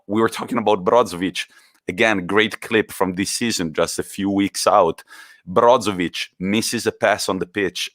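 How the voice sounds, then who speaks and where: A man with a very deep voice co-hosts a football podcast. He talks casually and with animation, swearing freely. The sound is dry and close. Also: a bit bright, dry recording. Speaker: podcast co-host.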